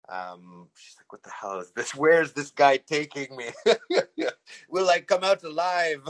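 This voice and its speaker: A man's voice: mid-range voice, rough recording. A middle-aged man from Canada telling a personal story as a podcast host, rambling with many fillers and chuckling as he goes. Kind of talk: casual storytelling.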